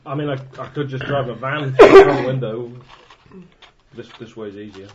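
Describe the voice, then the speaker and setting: A man's voice: mid-range voice, wildly swooping pitch, moderate pace. A man playing a tabletop game, joking in a wry, self-mocking way. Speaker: player. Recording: dull, very noisy recording.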